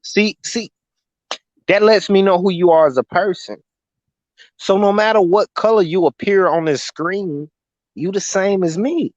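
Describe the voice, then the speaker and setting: A man's voice: sits high, a little slow, darkish tone, no room sound. A man chatting casually as co-host, emphatic and full of slang. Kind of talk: casual live-stream chat. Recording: dull dry call line.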